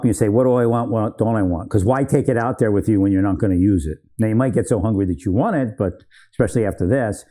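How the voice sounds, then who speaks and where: Rambling through old army training memories, this veteran keeps correcting himself and laughing a lot. He has a lowish, warm voice and a casual storytelling manner.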